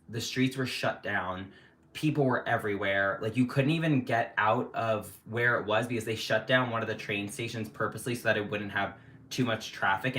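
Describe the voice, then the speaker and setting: A man's voice: lowish voice, a bit bright. A young man chatting casually on a livestream at home, rambling with lots of "like" fillers. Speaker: livestream host. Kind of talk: casual chat. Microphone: livestream setup.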